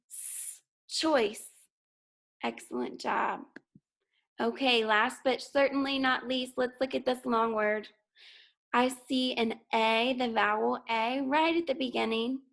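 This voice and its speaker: A woman teaching a phonics lesson to young children, speaking clearly and encouragingly as she sounds out words letter by letter. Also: fairly high pitch. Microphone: recorded for school TV.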